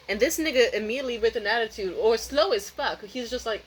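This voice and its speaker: A woman's voice: a little high, fast, hardly any pauses, a bit bright, a little hiss or hum, rough recording. A woman vlogger telling a rambling, profane, candid story in a casual way, often restarting her sentences.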